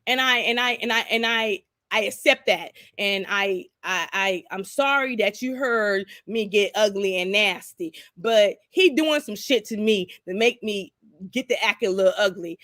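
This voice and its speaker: A woman's voice: mid-range voice, moderate pace, a bit bright, no echo, clean studio sound. A middle-aged woman chatting on a live stream, answering viewers candidly and rambling with frequent restarts.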